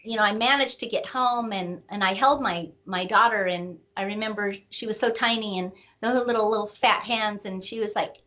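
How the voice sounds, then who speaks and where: A middle-aged woman, an author, slowly telling a painful personal story in an interview, with many pauses and fillers. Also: medium pitch, sharp tone. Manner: slow, reflective, with many fillers. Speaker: author and guest.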